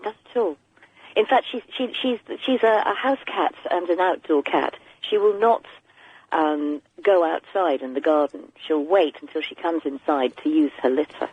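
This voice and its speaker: A woman's voice: deep voice, moderate pace, husky, no echo. A woman calling a radio show, chatting away with plenty of restarts, heard over a muffled phone line. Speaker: caller.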